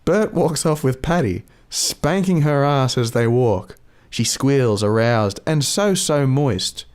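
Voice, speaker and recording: An Australian man reads out a comedy screenplay as narrator, with a dry, deadpan delivery. His voice sits at an ordinary mid pitch. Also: takes it slowly, smooth. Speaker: podcast host and script reader.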